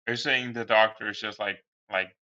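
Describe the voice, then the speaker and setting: Man, tabletop game player, casual chat, bright crisp voice, dull lo-fi sound. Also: fairly low pitch, steady tone, moderate pace. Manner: chatty, lots of filler words. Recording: dull lo-fi recording.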